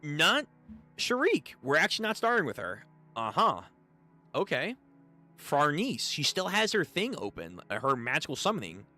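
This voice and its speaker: A man casually commenting and chatting with viewers during a live manga readthrough, slangy and animated. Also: a little high, moderate pace, soft background music. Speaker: streamer reading manga aloud.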